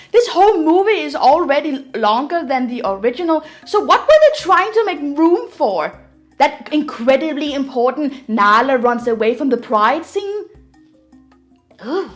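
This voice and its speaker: A young woman giving an opinionated, sarcastic movie review for her video channel. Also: sits high. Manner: sarcastic, exasperated critique. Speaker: video commentator. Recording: faint music behind voice.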